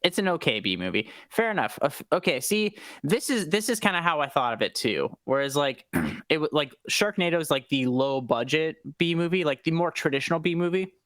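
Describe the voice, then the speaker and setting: A man's voice: fairly high pitch, very animated, a little fast, few pauses, a bit bright, dry recording. A man co-hosting a movie stream, chatting casually and rambling with lots of fillers and laughs. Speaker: podcast co-host. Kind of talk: casual chat about movies.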